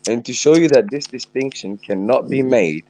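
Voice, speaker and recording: A man's voice: mid-range voice, normal speed, mellow, dry recording. A man in a heated online voice-chat debate, insistently trying to read out a verse and finish his point. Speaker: debate participant reading verses.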